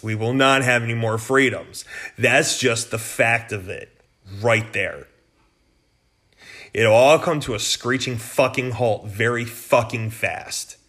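A man's voice: mid-range voice, a bit bright. A man hosting a political podcast, delivering an angry, profane rant in a blunt, heated way. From United States.

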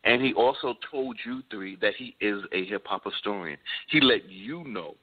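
A man in casual hip-hop debate chat, animated and insistent, pressing his partner with questions. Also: fairly low pitch, moderate pace. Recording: tinny phone-like sound.

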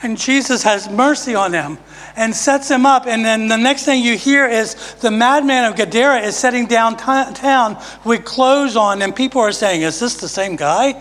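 High-pitched man, sermon testimony, emphatic then hushed, reverberant church hall. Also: moderate pace. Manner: emphatic, swings from loud to hushed. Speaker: preacher giving testimony. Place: church sanctuary.

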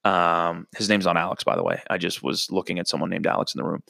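A young man with a fairly low voice tells a rowdy comedic story, swearing freely and rambling with animated bursts. The sound is dry and close, with no room around it. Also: fast talker, gravelly, no echo. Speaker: podcast host.

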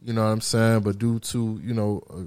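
A man's voice: on the low side, brisk, clean tone, no room sound. Laid-back podcast host man, rambling. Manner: relaxed, rambling, full of "you know" fillers. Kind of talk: casual chat.

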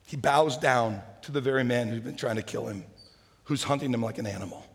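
A male pastor preaching an animated sermon, swinging from shouts to hushed asides and calling the congregation guys. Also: mid-range voice, brisk, husky. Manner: talks to the congregation informally, calling them guys. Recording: echoey hall.

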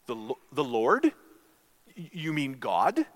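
A pastor voicing a frantic man who is dangling from a cliff edge, yelling and stammering his pleas for help. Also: mid-range voice, huge pitch swings, takes it slowly, long reverb tail. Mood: desperate pleading.

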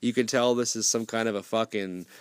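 A man's voice: on the low side, fairly even intonation, a little fast, smooth, dry recording. Rambling, foul-mouthed man reviewing films. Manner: rambling and profane, frequent restarts. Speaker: film reviewer. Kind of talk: casual ranking review.

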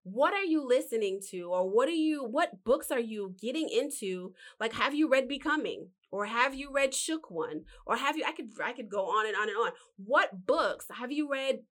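Animated woman giving motivational advice. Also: fairly high pitch, moderate pace, hardly any pauses. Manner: animated, preachy, uses rhetorical questions and calls the listener honey. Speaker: podcast host giving life advice. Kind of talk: casual motivational talk.

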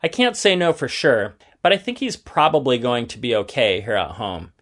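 A man reading aloud and voicing a calm, caring father in a children's story. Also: medium pitch, moderate pace. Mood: reassuring. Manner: gentle, reassuring.

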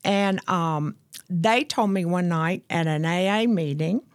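A woman guest telling her own story of addiction and recovery in an earnest, candid way, slowing down to stress key points. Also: on the low side, no room sound, studio quality. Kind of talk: personal testimony in conversation.

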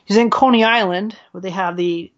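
A man with a New York accent co-hosting a casual podcast, quick and excitable, swearing freely. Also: high-pitched. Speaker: podcast co-host. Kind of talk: casual chat. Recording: slightly dull lo-fi sound.

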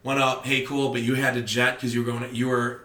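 A young male comedian chatting on a podcast, telling stories with animated energy and constant swearing. His voice is bright and forceful, at a middling pitch. The sound carries the echo of a roomy space. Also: brisk. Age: young adult. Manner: animated storytelling, heavy swearing. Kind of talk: casual podcast chat.

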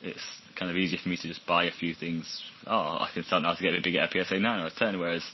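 A man's voice: low voice, little pitch movement, fast, slight background noise. A man chatting casually as a podcast guest in a laid-back way. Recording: dull lo-fi sound.

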